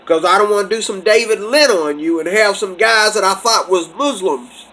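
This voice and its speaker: A man's voice: high voice, normal speed, pushed and bright, low-quality recording. A man vlogging in a casual preaching monologue, rambling, restarting phrases and breaking into laughter. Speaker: religious vlogger.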